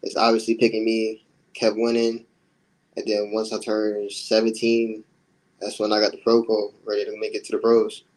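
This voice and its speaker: A young man, a boxer, answering interview questions in a low-key, casual way. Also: completely flat delivery, normal speed, a little mellow, poor audio.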